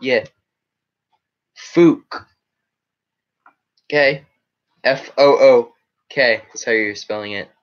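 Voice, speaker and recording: A man's voice: medium pitch, measured pace, muffled recording. A man chatting casually on a live stream, rambling as he reacts to chat comments. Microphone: webcam setup.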